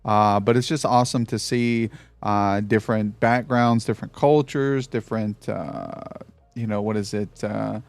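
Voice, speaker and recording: A man's voice: lowish voice, fairly even intonation, unhurried, vocal fry, no echo. A middle-aged man from Tennessee hosting a podcast interview, rambling and chatty with lots of fillers. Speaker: podcast host. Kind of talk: casual interview chat.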